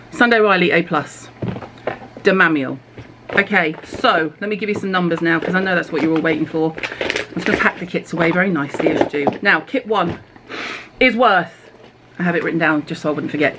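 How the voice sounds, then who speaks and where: A middle-aged woman with a British accent talks straight to camera in a somewhat low voice. She is candid and self-mocking, full of quick asides. The sound comes from a camera mic in an indoor room, with a faint hiss behind her. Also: a bit bright. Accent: British English. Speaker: skincare vlogger. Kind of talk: casual product reveal to camera.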